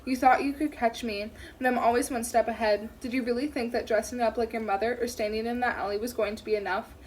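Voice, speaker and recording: A woman reading the lines of a calm, smug male serial killer in an audiobook. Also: a little high, fast, a little hiss or hum, natural voice. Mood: gloating. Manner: smug, taunting.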